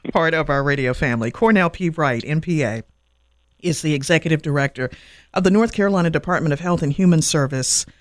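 A male radio host with a fairly high voice interviews a guest, heaping on compliments and stretching out his sentences. His voice is recorded close and dry, with no room sound behind it. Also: no echo. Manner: warm, gushing praise, drawn-out phrasing.

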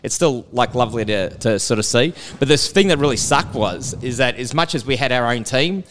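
A man's voice: medium pitch, animated, brisk, a bit bright, slight background noise. A middle-aged man with an Australian accent tells stories in a casual, rambling way. He restarts his sentences often and laughs between them. His voice carries a long reverb tail. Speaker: guest. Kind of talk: casual storytelling chat.

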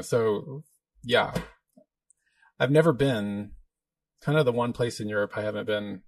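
A man's voice: fairly low pitch, a little slow, long pauses, no room sound. A man hosting a casual livestream, answering viewer questions in a rambling, easygoing way. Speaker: livestream host and minister.

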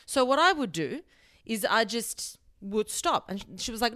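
A woman's voice: a little high, sing-song, normal speed, bright, forceful tone, no echo, studio quality. A young woman hosting a solo advice podcast, talking bluntly and emphatically and swearing casually. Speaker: podcast host.

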